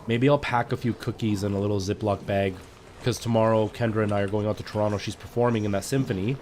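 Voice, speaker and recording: A man's voice: fairly low pitch, steady tone, fast, darkish tone, slight background noise. A man live streaming and chatting casually to his viewers, ranting in exasperation as he talks straight to them over a headset mic.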